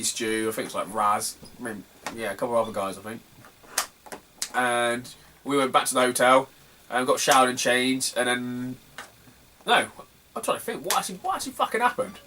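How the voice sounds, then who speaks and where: A man's voice: mid-range voice, slight background noise. A young man, a retro gaming YouTuber telling stories to camera in a rambling, sweary way, often breaking into laughter. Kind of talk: casual storytelling to camera.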